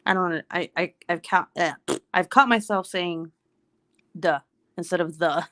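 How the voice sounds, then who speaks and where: A woman's voice: on the low side, normal speed, pushed and bright, dry recording. A woman in her thirties whose first language is Spanish, speaking English with a Mexican Spanish accent, chatting casually with her stream viewers, rambling, laughing often and swearing freely. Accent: Mexican Spanish-influenced American English. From United States.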